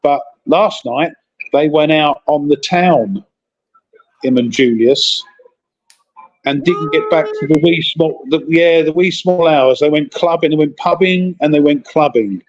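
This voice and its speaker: A man's voice: a little high, measured pace, highs cut off. A man in casual chat, telling rambling stories while calling in from a convention hotel. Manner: rambling, chatty storytelling.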